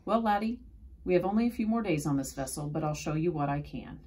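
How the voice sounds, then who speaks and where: A woman voicing a calm, gentle young man who plays violin on an ocean liner. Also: lowish voice, fast talker, lightly acted.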